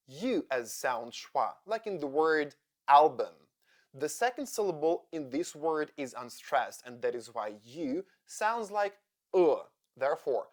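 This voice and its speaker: A woman teaching English pronunciation in a slow, scripted lesson, drilling each vowel sound with repetition. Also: deep voice, very animated.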